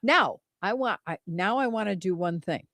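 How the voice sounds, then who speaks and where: Lady co-host chatting, animated and lively, dry close mic. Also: medium pitch, normal speed, dry recording. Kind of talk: casual chat.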